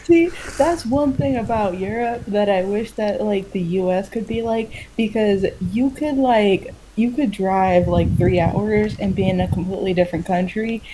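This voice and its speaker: A woman's voice: mid-range voice, moderate pace, few pauses, warm tone, a little hiss or hum, poor audio. A woman from Florida in a casual group chat, talking in an easygoing, chatty way.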